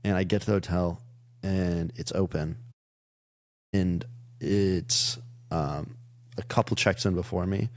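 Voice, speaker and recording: Young male comedian, low gravelly voice, dry close sound, rambling storyteller. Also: a little slow, pauses often, dry recording. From Iowa. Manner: rambling, many "like" fillers, animated retelling. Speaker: comedian guest. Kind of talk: casual storytelling chat.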